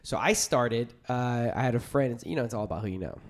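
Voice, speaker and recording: A man's voice: medium pitch, fast. A man chatting as a podcast guest, joking around and telling long rambling stories about his work. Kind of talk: casual podcast chat.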